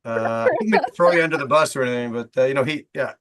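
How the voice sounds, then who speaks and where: A man's voice: mid-range voice, sing-song, racing, crowd noise. A man chatting casually, teasing his friends. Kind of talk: casual chat.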